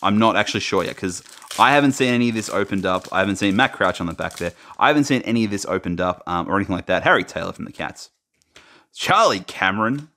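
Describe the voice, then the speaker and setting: A man commentating casually as he opens trading card packs, naming players and now and then breaking into high, excited shouts over good pulls. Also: fast talker. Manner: excitable, talks while sorting cards, bursts into high shouts over big pulls. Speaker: card-opening YouTuber.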